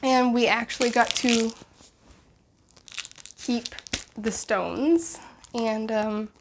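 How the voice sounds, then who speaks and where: Young woman vlogging, kinda high voice, rambly and emotional, acts out what everyone said. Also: fairly even intonation, very slow, gravelly, background noise. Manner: emotional, rambling with restarts and reenacted dialogue. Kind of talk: casual storytelling.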